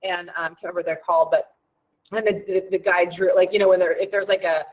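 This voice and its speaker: Chatty woman coach, rambling and animated. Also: fairly low pitch, quick pace, low-quality recording. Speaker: wellness coach hosting an online challenge. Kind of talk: casual chat.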